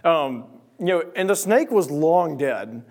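A young man tells a story from the pulpit, his voice sitting a little high. He speaks in an animated way and acts out the voices and sound effects in his story. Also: slow. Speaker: preacher. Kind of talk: sermon storytelling.

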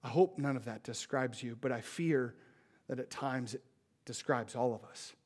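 A man preaching a sermon, impassioned and pleading, dropping to a hush and then rising loud. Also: mid-range voice, normal speed. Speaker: pastor.

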